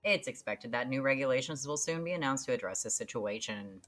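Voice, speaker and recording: Woman doing a deep, formal female newsreader reading game news. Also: expressive, fairly quick, soft background music. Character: smooth adult female TV newscaster.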